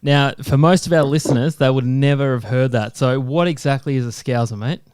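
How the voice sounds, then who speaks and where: Aussie bloke hosting a podcast, smooth voice, dry close sound, says mate a lot. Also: male voice, mid-range voice, a little fast, a little mellow, no room sound. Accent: Australian. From Australia. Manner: chummy, keeps saying "mate". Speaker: podcast co-host. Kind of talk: casual interview chat.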